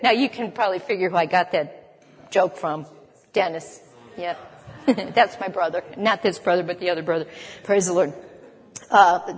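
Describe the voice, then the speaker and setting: Woman preacher, fairly high voice, asks the room questions, sermon recorded with long hall reverb. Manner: conversational, emphatic, asks the listeners questions. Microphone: camera.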